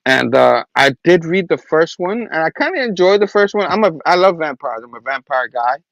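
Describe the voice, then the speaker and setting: A man's voice: on the high side, sing-song, fairly quick, vocal fry, a bit bright, no echo, lo-fi sound. A man hosting a casual comic book review show, recapping the story in a rambling way. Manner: rambling recap with restarts and acted quotes. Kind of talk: casual chat.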